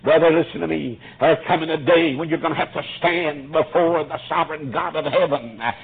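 A man preaching an impassioned storytelling sermon, fervent, with frequent fillers and sudden shouts, in a tinny, lo-fi recording. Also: a little high, fairly even intonation, a little fast, slightly rough.

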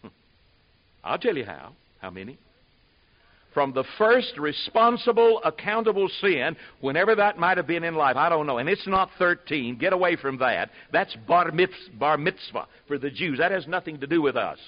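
A man preaching a sermon in a folksy way, building to loud, emphatic preaching. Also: fairly high pitch, sing-song, moderate pace. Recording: muffled lo-fi sermon recording.

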